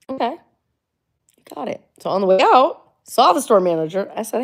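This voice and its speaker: A woman's voice: mid-range voice, expressive, a little fast, pauses often. A middle-aged woman vlogger from Florida, chatting casually and rambling through a story, full of likes and asides. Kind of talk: casual chat.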